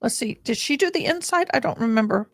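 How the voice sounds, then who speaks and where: Lady streamer chatting to her viewers while she plays, kinda high voice, dry close sound, soft game music under it. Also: expressive, fast, gravelly, no room sound. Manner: chatty, addresses viewers directly. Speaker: livestreamer. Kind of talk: casual livestream chat over gameplay. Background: faint game music.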